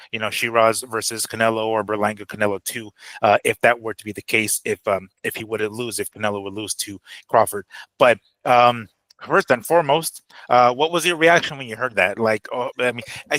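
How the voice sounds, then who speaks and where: A man co-hosting a boxing show in loose, casual chat. His voice is bright and forward, and he gets excitable and swears freely. The sound is dry and close. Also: medium pitch, no echo, poor audio.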